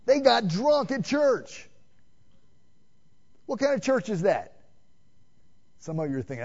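A man preaching a sermon, asking the congregation questions and swinging between loud emphatic calls and hushed, quiet passages. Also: sits high, big pitch swings, slow pace, long pauses. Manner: direct, addresses listeners with "man" and rhetorical questions. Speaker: pastor. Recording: dull lo-fi sermon recording.

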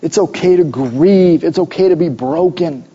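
A man's voice: on the high side, moderate pace, mellow, breathy edge, highs cut off. A middle-aged man preaching a sermon, mixing conversational storytelling with emphatic exhortations. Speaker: pastor.

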